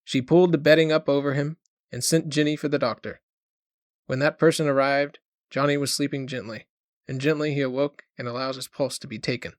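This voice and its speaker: A man reading a short story aloud as an audiobook narrator, in a measured storytelling manner. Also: mid-range voice, steady tone, no echo, clean studio sound. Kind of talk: scripted narration.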